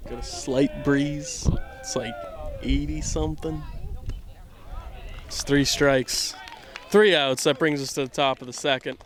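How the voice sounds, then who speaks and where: Slow and a bit bright, this young man's fairly high voice swoops wildly in pitch over slight background noise. Outdoors, he rambles through laid-back baseball commentary, tired and poking fun at himself, sometimes trailing off before finishing a sentence.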